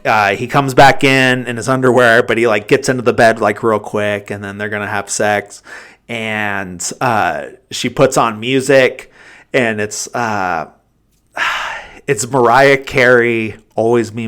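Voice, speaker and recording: A man with a slightly low voice chats casually as a podcast host. He rambles through film scenes, leaning on "like" and "um" at every turn. He chuckles now and then as he retells the plot. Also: fairly bright tone, smooth. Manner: rambling, heavy use of "like" and fillers. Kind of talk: casual film review chat.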